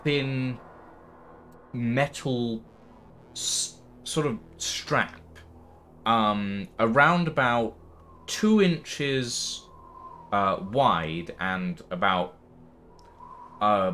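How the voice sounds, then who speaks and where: A man narrating as game master of a tabletop game, unhurried and halting, with many fillers. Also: lowish voice, a bit bright, a little hiss or hum.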